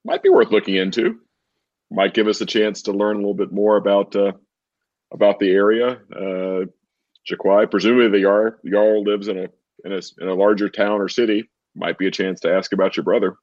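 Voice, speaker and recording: A man's voice: on the low side, fairly quick, dry recording. A man playing a tabletop game, talking with stammering restarts. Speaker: tabletop player. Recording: dry, muffled lo-fi mic.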